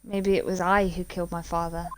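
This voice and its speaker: A woman's voice: on the low side, level tone, fairly quick, a little hiss or hum, lightly acted. Woman reading as a grave, haunted young prosecutor. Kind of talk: reading game dialogue aloud. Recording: game music behind. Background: game music.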